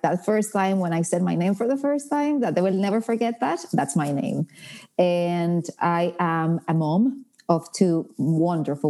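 A woman's voice: fairly low pitch, mellow. A woman in her thirties from the Dominican Republic with a Dominican Spanish accent, a guest in a casual interview who talks with enthusiasm and laughs often.

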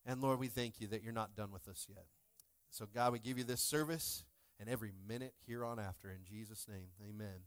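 A man's voice: on the low side, a little fast, clean tone. Joking male pastor preaching a sermon. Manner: joking, playful asides to the congregation; swings between loud bursts and soft asides. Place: church sanctuary.

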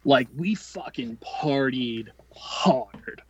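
A man's voice: medium pitch, expressive, darkish tone, slightly rough, lo-fi sound. A man in his late twenties telling a long, profane story as a podcast guest, rambling and restarting as he goes. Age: 20s. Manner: profane, rambling, quick-tempered delivery. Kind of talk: casual storytelling.

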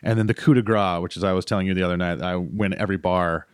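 A man telling a long story in casual chat, animated and rambling, with fillers and acted quotes. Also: deep voice, fast, clear, resonant tone, no echo, studio quality. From North Carolina.

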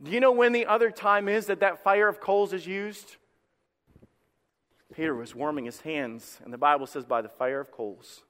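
A high, bright-voiced man preaching with passion, dropping low and quiet, then rising to a shout. He often repeats his opening words as he builds each point. His voice rings out with a long reverb through a church sanctuary. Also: normal speed. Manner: impassioned preaching, swings from hushed to loud; repeats words when starting a phrase. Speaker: pastor. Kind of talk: sermon.

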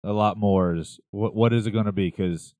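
A man's voice: lowish voice, steady tone, normal speed, mellow, dry recording, highs cut off. Blunt, swearing male podcast co-host. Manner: blunt, profane, ranting. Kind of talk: casual chat.

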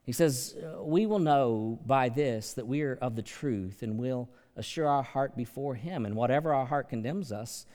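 A man preaching a sermon as pastor, in an animated manner that swings from soft asides to loud, emphatic lines. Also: medium pitch, normal speed, few pauses. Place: large church sanctuary. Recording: long hall reverb.

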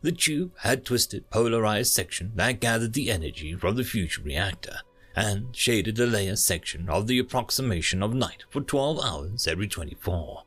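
A man narrating an audiobook in an expressive storytelling manner. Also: lowish voice, normal speed, husky, soft background music.

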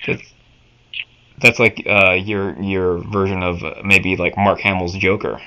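Man, interview host, very low pitch, sharp bright tone, enthusiastic, muffled recording. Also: fairly even intonation. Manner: enthusiastic, laughs often, halting phrasing. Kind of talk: fan interview. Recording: muffled lo-fi audio.

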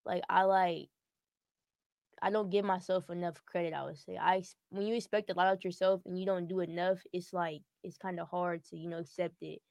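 Flat-voiced young woman, casual. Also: fairly low pitch, brisk, vocal fry, no room sound, clean studio sound. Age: teens. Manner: casual, rambling, lots of "like". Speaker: high school point guard guest. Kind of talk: podcast interview. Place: studio.

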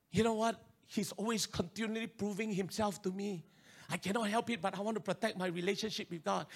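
A male pastor with a Singaporean English accent, preaching an animated sermon and urging his listeners to respond. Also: sits high, breathy edge.

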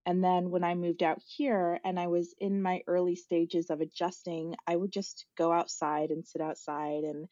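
A woman in her forties, a guest on the show, telling a personal story in a thoughtful, searching way, with frequent pauses and fillers. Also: on the low side, level tone, warm tone, no room sound, highs cut off.

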